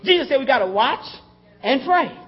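A man's voice: very high voice, expressive, moderate pace, breathy edge, dull audio. A man preaching a sermon in a conversational style, calling out to the congregation and chuckling as he talks.

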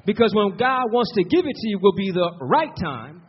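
Preacher guy, high husky voice, keeps repeating himself for emphasis, dull lo-fi recording. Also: sing-song, fairly quick. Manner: rhythmic call-and-response preaching, repeating words for emphasis. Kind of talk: sermon. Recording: muffled lo-fi sermon recording.

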